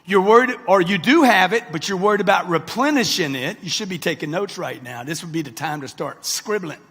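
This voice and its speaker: Brash husky sixty-year-old man in a hall. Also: sits high, animated, brisk, a bit bright. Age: 60s. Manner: brash, punchy, addresses the crowd directly. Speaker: motivational speaker. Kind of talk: live motivational talk to an audience. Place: large event hall with an audience. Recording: long reverb of a big hall.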